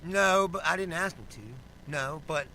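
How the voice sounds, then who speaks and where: A man's voice: a little high, moderate pace, pushed and bright, slight background noise. A man telling a profane, rambling story in casual chat, acting out the other people's lines. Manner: profane, rambling, acts out quotes. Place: studio.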